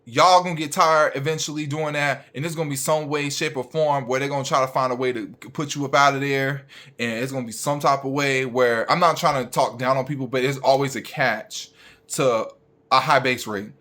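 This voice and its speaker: A man's voice: medium pitch, steady tone, a little fast, bright, forceful tone. A young man, a registered nurse, ranting bluntly and profanely straight at his viewers.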